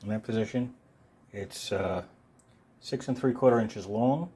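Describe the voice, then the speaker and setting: Guy with a lowish voice rambling through a multitool review, lots of um and uh, super laid back. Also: a little slow, breathy edge. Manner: relaxed, meandering, frequent ums and uhs. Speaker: gear reviewer. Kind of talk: unscripted product review. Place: filming himself while handling the tool.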